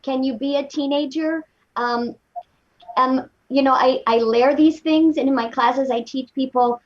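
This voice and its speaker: A woman's voice: high-pitched, fairly even intonation, a little slow, muffled recording. A woman voice actor and teacher explaining her craft on a video call panel in a teacherly way. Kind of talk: casual panel chat.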